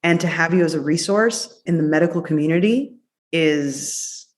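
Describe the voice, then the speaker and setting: A woman doctor, a guest on a podcast, talking in an effusive, playful way, quick in places and drawn out in others. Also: deep voice. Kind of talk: casual interview chat.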